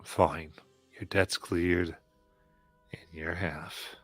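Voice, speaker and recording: A man's voice: deep voice, fairly even intonation, extremely slow, fairly bright tone, dry recording, faint music behind, pitched below the performer's own voice, full character voice. A man doing a grudging, weary guard.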